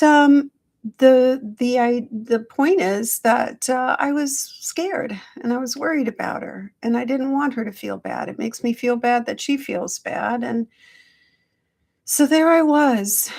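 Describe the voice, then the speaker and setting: A middle-aged woman hosting a casual live-stream check-in, speaking slowly and gently to her viewers through a phone. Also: fairly high pitch. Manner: slow, gentle, affectionate, greets viewers by name. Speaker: hypnotherapist livestream host.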